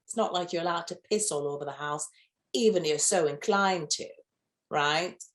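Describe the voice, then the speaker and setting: A woman hosting a playful pet news show, reading stories and breaking into campy, gushing asides. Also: normal speed. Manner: campy, gushing asides with sudden high squeals. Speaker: news host.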